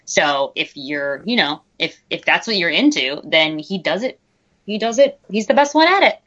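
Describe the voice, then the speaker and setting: Woman co-host, casual and animated, bright tone; muffled audio. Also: fairly low pitch. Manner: animated, joking, quick asides. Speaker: podcast co-host. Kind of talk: casual chat.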